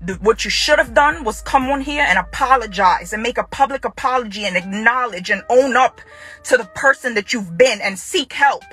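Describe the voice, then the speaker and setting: A woman addresses the camera in a bright, forceful tone with a husky edge. She speaks to her former partner in confrontation and hammers her points home by saying them twice. Faint music plays underneath. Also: a little high. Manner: confrontational, repeats her phrases.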